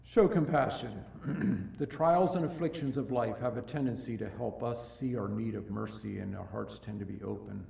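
In a church, a gravel-voiced male preacher gives a sermon at a moderate pace with hardly any pauses. He alternates between loud, emphatic climbs and quiet, low stretches, frequently repeating himself as he starts a thought over. The microphone sits some distance away in a large, echoing room.

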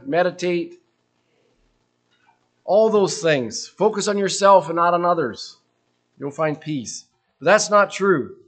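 A man preaching a sermon, earnest and questioning, letting his voice drop softly at the ends of phrases. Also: sits high.

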